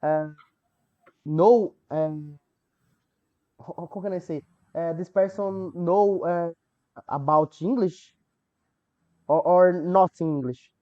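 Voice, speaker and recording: A woman from Bulgaria speaking English haltingly as a learner, searching for words with many pauses and fillers. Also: on the low side, highs cut off. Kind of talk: casual chat.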